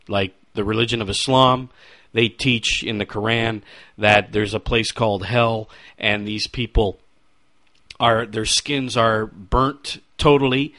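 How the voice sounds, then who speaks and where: A man's voice: mid-range voice, pushed and bright, dry recording. A middle-aged man giving a radio sermon, asking rhetorical questions and quoting scripture with emphasis. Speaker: radio preacher.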